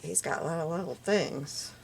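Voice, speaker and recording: A woman's voice: sits low, moderate pace, gravelly, a little hiss or hum. A woman chatting casually while she makes paper crafts, muttering little asides to herself as she works. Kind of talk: casual crafting tutorial chat.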